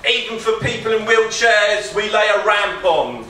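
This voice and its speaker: A man performing a deliberately bad comic poem at a small live venue, rambling and interrupting himself. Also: high voice, bright, forceful tone. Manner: rambling, self-interrupting, giggling. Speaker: contestant poet. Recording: echoey room, distant mic, crowd noise.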